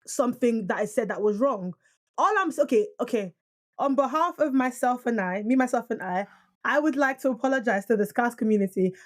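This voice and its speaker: A young woman from Nigeria co-hosting a podcast in casual, argumentative chat. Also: a little high. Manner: animated, argumentative, quick to protest. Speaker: podcast co-host.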